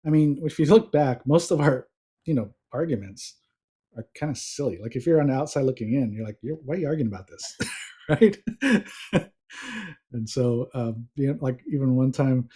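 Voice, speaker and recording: A man guesting on a couples podcast, telling a story in a husky, breathy voice. He gets animated and laughs often as he goes along. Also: medium pitch, normal speed. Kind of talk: casual storytelling.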